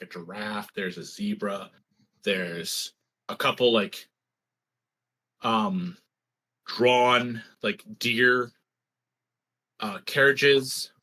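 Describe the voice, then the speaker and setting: A man's voice: fairly low pitch, drawn-out words, long pauses, pushed and bright. A man running a tabletop game as game master, narrating scenes with a playful, teasing manner.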